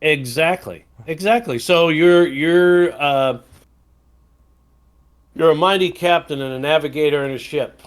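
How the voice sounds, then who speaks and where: On a podcast he co-hosts, a man from Wisconsin, USA, with a somewhat high voice and a measured pace tells a meandering anecdote. The chat is casual, with lots of fillers and false starts.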